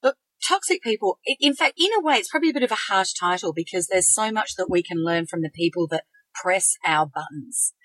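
A woman's voice: lowish voice, animated, brisk, hardly any pauses, fairly bright tone, no echo, low-quality recording. A middle-aged woman co-hosting a conversational podcast, reflective and sharing her own experiences. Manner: reflective, shares personal experience. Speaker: podcast co-host.

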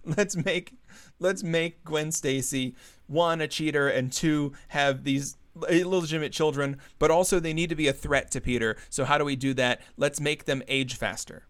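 A man's voice: fairly high pitch, normal speed, a bit bright. A man chatting casually on a podcast, retelling a story with frequent laughs and acting out the characters' lines in a raised voice. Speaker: podcast co-host. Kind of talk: casual chat recapping a comic story.

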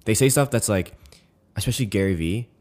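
A man co-hosting a podcast in casual chat, animated and blunt, often swearing and mimicking people he talks about. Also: fairly low pitch, fairly quick. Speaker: podcast co-host.

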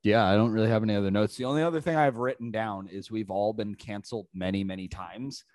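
A man's voice: on the low side, quick pace, darkish tone, no room sound. A man co-hosting a podcast in casual chat, swearing and joking crudely. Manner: crude, swearing, laughs often. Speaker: podcast co-host.

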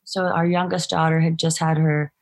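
A woman musician speaks as a guest on an interview podcast, recounting her story in a hesitant, reflective way. Her voice sits low with a level tone, and she talks at a normal speed in this conversational interview.

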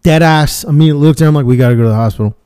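A man's voice: a little high, very fast, smooth. Foul-mouthed young man telling a story. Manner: swears constantly, animated retelling with voiced quotes. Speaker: podcast co-host. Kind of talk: casual storytelling chat.

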